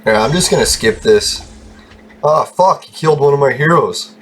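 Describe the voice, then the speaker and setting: A man's voice: medium pitch, expressive, normal speed, fairly bright tone, soft background music. A man hosting a gaming channel, rambling through casual gameplay commentary, laughing often and swearing freely.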